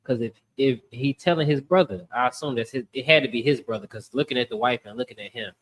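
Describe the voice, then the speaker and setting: A man hosting a casual podcast, telling stories in an animated way and acting out the voices of the people in them. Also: medium pitch, quick pace, breathy edge. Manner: animated storytelling, acts out voices. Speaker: podcast host.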